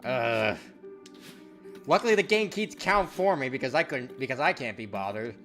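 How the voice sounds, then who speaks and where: A laid-back man chatting as a stream guest, with a bright, forward voice and a lively, swinging pitch. Faint game music runs underneath. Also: moderate pace. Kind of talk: casual chat on a game stream.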